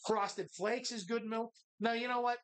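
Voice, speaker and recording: Rambling, profane bar host. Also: male voice, very high voice, steady tone, normal speed, a bit bright, clear, resonant tone. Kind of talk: casual bar chat.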